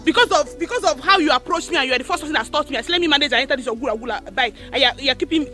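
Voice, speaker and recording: A woman's voice: high voice, rapid-fire, bright, forceful tone. An actress playing an impatient young woman passenger who scolds a motorbike rider, with a Nigerian accent and some Pidgin. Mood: irritated. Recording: film audio with music underneath.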